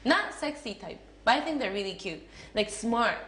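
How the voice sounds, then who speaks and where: Chatty young Japanese-accented woman, slightly high. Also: lively intonation, moderate pace, a bit bright. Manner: chatty, giggly, many fillers like "like". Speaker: interviewee, actress. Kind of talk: casual interview answers. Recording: echoey room with faint noise.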